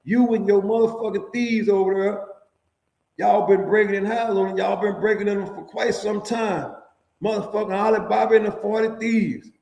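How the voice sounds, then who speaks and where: A man voicing a hot-tempered, bullying redneck prison officer who shouts and curses in accusation. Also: high voice, steady tone, normal speed, gravelly, pitched above the performer's own voice. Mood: angry, accusing. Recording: echoey room.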